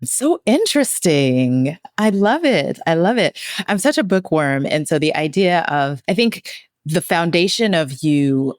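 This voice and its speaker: A woman's voice: deep voice, big pitch swings, a little slow, dry recording, studio quality. A woman hosting a podcast, enthusiastic and thinking aloud as she builds toward her questions. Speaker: podcast host. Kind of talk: interview conversation.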